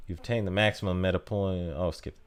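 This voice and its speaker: A man's voice: deep voice, steady tone, a little fast, smooth. An American man chatting casually to viewers on a live stream, rambling, with lots of fillers and restarts. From United States.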